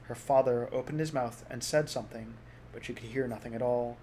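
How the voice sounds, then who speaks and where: Soft-spoken man reading a story aloud. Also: medium pitch, steady tone, fairly quick, a little hiss or hum. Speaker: audiobook reader. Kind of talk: storybook narration.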